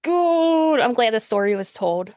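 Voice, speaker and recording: A woman's voice: mid-range voice, unhurried, dry recording. Chatty woman podcast host, dry sound. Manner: chatty, reflective, laughs easily. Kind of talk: casual chat.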